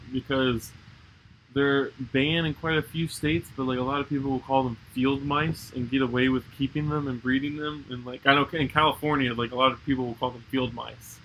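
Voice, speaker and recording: Bright-voiced young man, swearing casually. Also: medium pitch, moderate pace, a little hiss or hum, poor audio. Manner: animated storyteller, swears often, laughs while telling stories. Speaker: podcast co-host. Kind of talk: casual chat.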